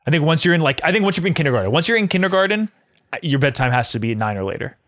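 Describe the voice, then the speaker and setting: A man's voice: a little high, expressive, rapid-fire, fairly bright tone, no echo, studio quality. A man in his twenties co-hosting a podcast, chatting casually, laughing often and swearing freely. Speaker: podcast co-host. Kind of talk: casual chat.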